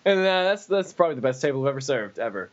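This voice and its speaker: A man's voice: sing-song, rapid-fire, noisy background. A man casually telling rambling work stories on a podcast, slipping into quoted voices. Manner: rambling, acts out quoted people in high voices. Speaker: podcast co-host. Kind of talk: casual storytelling chat. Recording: dull lo-fi podcast audio.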